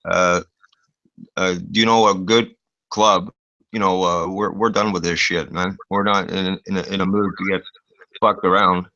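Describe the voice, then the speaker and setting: A man's voice: deep voice, moderate pace, no room sound. A man telling a rowdy anecdote in casual chat, swearing a lot and filling gaps with uh and you know. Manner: profane, lots of fillers, animated retelling. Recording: dull lo-fi dry recording.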